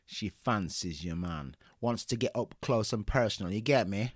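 A man's voice: lowish voice, animated, normal speed, husky, no echo, clean studio sound, voice pushed down. A man playing a surly teenage boy who puts on crude street slang in a comedy sketch. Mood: sneering.

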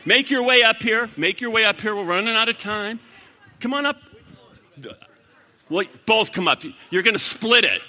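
Energetic preacher, bright ringing voice. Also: male voice, high voice, normal speed. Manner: energetic, shifts from loud bursts to hushed earnest talk. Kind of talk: evangelistic sermon with audience interplay. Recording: long reverb of a large hall.

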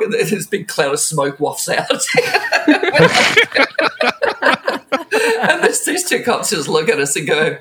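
High-voiced man telling a lively story. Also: takes it slowly, long pauses, a little hiss or hum. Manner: animated, laughing often, acts out quotes. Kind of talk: casual storytelling chat.

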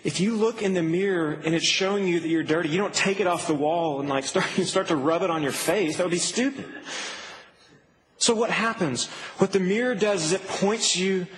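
A man's voice: sits high, moderate pace, a bit bright. A man preaching a sermon as pastor, earnest and building to emphatic peaks. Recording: reverberant hall with faint noise.

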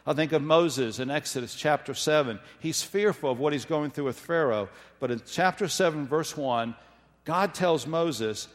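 A man giving a measured, emphatic sermon, slowing down when he reads scripture. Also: on the high side. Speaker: preacher. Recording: long hall reverb.

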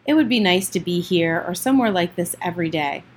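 A woman reading a children's novel aloud in a plain, steady way, with the odd slip and restart. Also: lowish voice, a little fast, a little hiss or hum. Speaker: audiobook reader.

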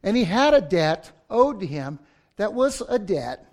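Male pastor, high voice, slow and dramatic sermon delivery. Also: very animated. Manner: dramatic, swings from shouting to near-whispers; acts out story voices with humor.

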